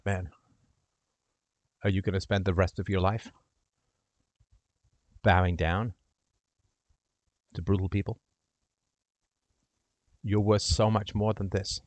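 A man hosting a call-in show, giving impassioned advice and speaking to the caller's brother in role-play, swinging from loud to hushed. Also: on the low side, fairly even intonation, moderate pace, long pauses, dry recording.

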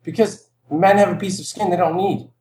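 A man's voice: high voice, steady tone, a little fast, dark tone, reverberant. A male caller in a call-in debate, defensive and hesitant, stumbling and repeating words as he argues back.

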